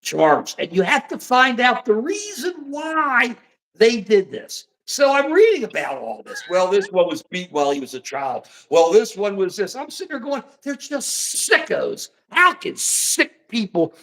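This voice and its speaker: A man's voice: high-pitched, moderate pace. An older man hosting a livestream, ranting heatedly and animatedly about the news. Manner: ranting, animated, mocking put-on voices. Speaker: show host. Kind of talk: heated political livestream chat.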